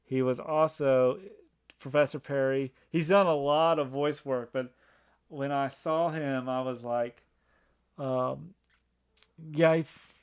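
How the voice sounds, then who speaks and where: A man's voice: mid-range voice, fairly even intonation, slow, smooth. A man co-hosting a movie review podcast, chatting casually with a lot of restarts and fillers and an eager film-buff enthusiasm. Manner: rambling, many restarts and fillers. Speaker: podcast co-host.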